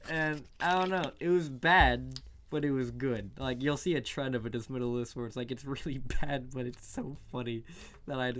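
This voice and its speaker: On a relaxed live stream, a movie-reviewing streamer wanders from one thought to the next, laughing a lot and swearing without restraint. He speaks at an ordinary middle pitch with a slightly bright tone, and a little background noise can be heard.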